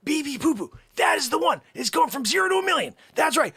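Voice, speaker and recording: A man's voice: huge pitch swings, slow pace, dry recording, clean studio sound, heavily acted. A man playing a pushy crypto cold-caller. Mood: hyped, shouting. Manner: hushed conspiratorial pitch then shouting hype. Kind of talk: improvised comedy sketch.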